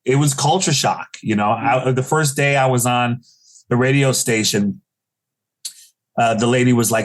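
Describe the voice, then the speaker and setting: A man from Chicago in his forties tells funny stories as a podcast guest. His voice sits at an everyday middle pitch, and he acts out the people he quotes with sudden high leaps. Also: moderate pace. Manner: animated storyteller acting out quoted voices with pitch jumps. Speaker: guest comedian. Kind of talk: casual interview storytelling.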